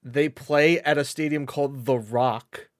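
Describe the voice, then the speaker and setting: A man's voice: mid-range voice, steady tone, measured pace, background noise. A man co-hosting a casual gaming podcast, rambling and self-mocking, often repeating words as he talks. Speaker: podcast co-host. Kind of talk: casual chat.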